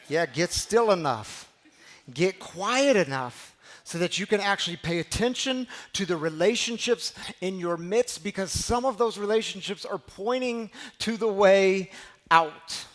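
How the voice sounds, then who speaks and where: A man preaching a sermon as pastor, telling a personal story and moving between hushed, slow passages and loud, emphatic ones. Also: fairly high pitch. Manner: heartfelt, storytelling preacher with repeated phrases.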